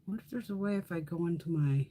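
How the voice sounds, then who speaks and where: This woman talks fast in a voice on the low side, with a slight hiss or hum audible. Hosting a beauty livestream, she chats casually, telling animated stories laced with plenty of swearing.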